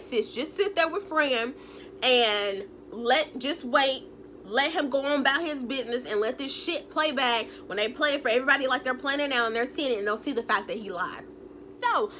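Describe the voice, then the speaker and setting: A woman vlogger giving a casual, animated and blunt recap of a reality show, with some swearing. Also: sits high, moderate pace.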